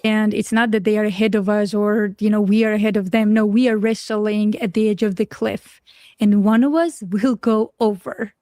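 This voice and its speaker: A woman's voice: mid-range voice, steady tone, normal speed, warm tone, dry recording. Woman in an interview clip, sounds urgent, super dry sound. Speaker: interview guest.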